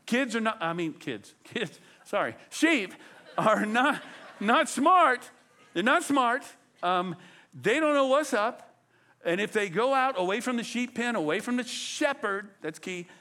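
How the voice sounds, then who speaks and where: A man preaching a sermon in an animated, conversational way, swinging his delivery for emphasis. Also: very high-pitched, a little slow. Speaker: pastor.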